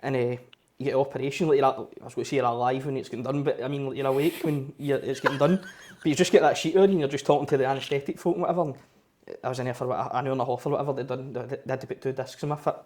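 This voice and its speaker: A man's voice: mid-range voice, steady tone, rapid-fire, darkish tone. A Scottish man co-hosting a podcast in casual chat, telling rambling anecdotes full of quoted dialogue. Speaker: podcast co-host.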